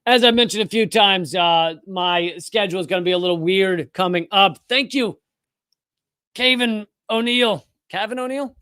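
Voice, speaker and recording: A man's voice: high-pitched, normal speed, pushed and bright, clear, resonant tone, dry recording, clean studio sound. A man from Richmond, Virginia with a slight Virginia twang, hosting a casual livestream, loose and conversational with blunt profanity. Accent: Southern American, Virginia. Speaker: show host.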